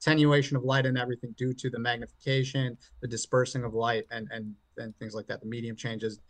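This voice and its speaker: A man arguing his side in an online debate, halting and often restarting his words. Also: mid-range voice, level tone, no echo. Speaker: flat earth debater.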